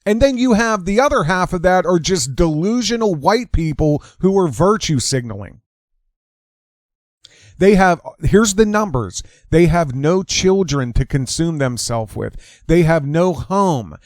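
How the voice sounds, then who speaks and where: Heated, lively-voiced male commentator. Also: on the high side, a little slow, no echo, clean studio sound. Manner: heated, indignant, emphatic. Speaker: host. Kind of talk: ranting political commentary.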